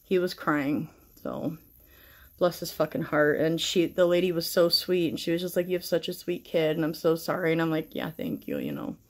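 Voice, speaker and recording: A woman's voice: low-pitched, fairly even intonation, moderate pace. A middle-aged woman chatting casually through a makeup tutorial, rambling and swearing freely while shaken and stressed. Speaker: makeup vlogger.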